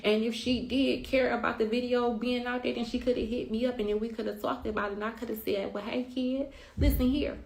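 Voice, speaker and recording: A woman's voice: on the high side, level tone, fast, vocal fry, hardly any pauses. A middle-aged woman speaking bluntly and with emphasis, often swearing, as a mother telling her side in a storytime rant. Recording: roomy echo.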